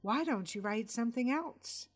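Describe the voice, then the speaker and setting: A woman's voice: a little high, animated, normal speed, soft background music, voice pushed up. A woman voicing a distracted wife who speaks in an offhand, dismissive, teasing way.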